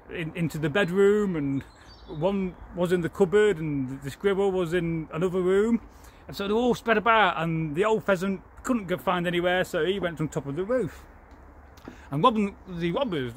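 There's slight background noise as a storyteller with a high, fairly bright voice and an English accent spins a folktale. His telling is loose and conversational, wandering off into plenty of asides.

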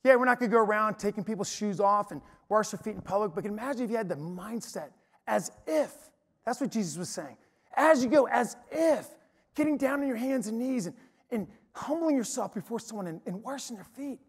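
A man preaching to an audience in an energetic, emphatic storytelling way. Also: sits high, brisk, slightly rough. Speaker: speaker. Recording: long hall reverb.

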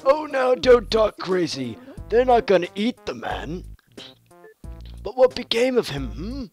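A high-pitched old inventor, fussy and folksy, his voice swooping up and down as he explains things, as a young man puts him on while reading game dialogue. He talks like an old-timer scolding a youngster. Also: very animated, unhurried, darkish tone, soft background music. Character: eccentric old male ghost-hunting scientist. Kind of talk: game dialogue read aloud.

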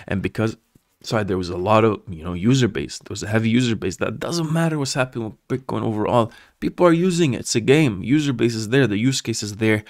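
Guy with kinda low voice rambling over charts, lots of um and uh, dry close mic. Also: dry recording. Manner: rambling, many fillers and restarts, says "man" often. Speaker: crypto channel host. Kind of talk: casual chart analysis talk.

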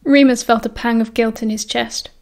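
A woman with a British accent narrating an audiobook in a steady storytelling way. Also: fairly high pitch, moderate pace, vocal fry. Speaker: audiobook reader.

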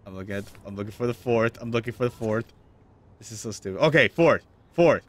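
Gamer host, man, animated up-and-down delivery, grumbling and cursing at a puzzle. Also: mid-range voice, brisk. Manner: frustrated muttering and swearing. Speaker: gaming video host. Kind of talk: let's play commentary.

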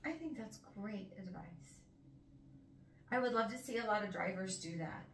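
A woman gently interviewing in a casual home talk, asking encouraging questions. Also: medium pitch, expressive, moderate pace. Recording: echoey room, distant mic, faint hiss.

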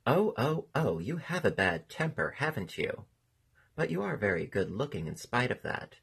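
A man voicing a rude, smooth-talking male moth in a storybook, with a flattering, mocking manner. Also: medium pitch, moderate pace, pitched above the performer's own voice, heavily acted.

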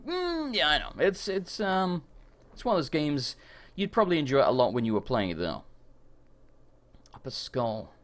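This gaming streamer, a man with a lively pitch, delivers live let's-play commentary. He's chatty and quick to rant, swearing when frustration hits.

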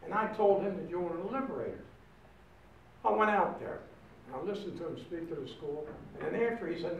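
An elderly man in his nineties with a gravelly, fairly high voice tells his story to a room of students. He acts out the voices in his tale and then sinks to a quiet tone. He was recorded from far off in an echoey room with steady background noise. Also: a little fast, lo-fi sound. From Baltimore, USA. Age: 90s. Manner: animated, acts out dialogue, drops to a quiet voice when emotional. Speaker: veteran guest speaker. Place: school room.

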